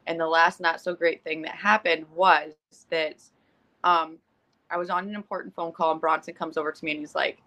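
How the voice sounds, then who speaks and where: A middle-aged woman with a gravelly, bright edge tells a story in relaxed podcast chat. She is animated and swears freely, acting out the quoted lines as she goes. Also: low voice, moderate pace. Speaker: podcast co-host.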